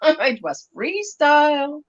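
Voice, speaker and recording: A woman's voice: sits high, big pitch swings, takes it slowly, highs cut off. A middle-aged South African woman hosting a livestream, chatty and laughing as she reads out viewer comments. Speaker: livestream host. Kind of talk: casual chat while crafting.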